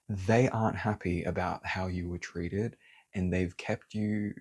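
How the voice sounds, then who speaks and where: Male tarot reader, very low and slightly raspy, heated and swearing. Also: fairly even intonation, unhurried, darkish tone. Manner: heated, swears, then apologizes. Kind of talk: casual tarot reading to camera.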